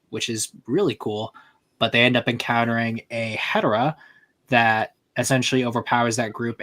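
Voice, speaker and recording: Over online voice chat, a man hosts a livestream, talking loosely and summing up a fan story with fillers and restarts. His voice is mid-range with a fairly bright tone.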